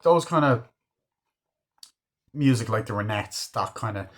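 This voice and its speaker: A man giving a casual, rambling film review, swearing freely as he retells scenes. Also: fairly low pitch. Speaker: movie reviewer.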